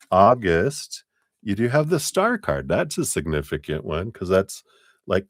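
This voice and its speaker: A man with a very low voice talks through a tarot reading on a live stream. He rambles in a relaxed, casual way, with plenty of fillers, and cheerfully thanks viewers by name. The sound is dry and close. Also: no room sound. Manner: loose, rambling delivery with many fillers. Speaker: tarot reader.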